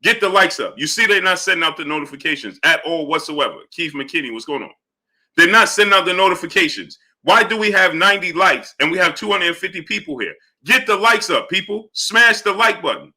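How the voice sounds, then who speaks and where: A man hosts a live boxing stream, briskly breaking down fights and giving low, mumbled shout-outs to chat viewers. He's animated, dropping "right?" and "you understand?" between his points.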